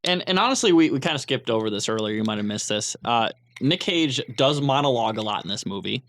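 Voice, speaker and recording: Male podcast co-host, rapid-fire, joking, enthusiastic movie talk. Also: mid-range voice, lively intonation, fairly bright tone, faint music behind. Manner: quick, enthusiastic, cracking jokes. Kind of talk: casual movie discussion.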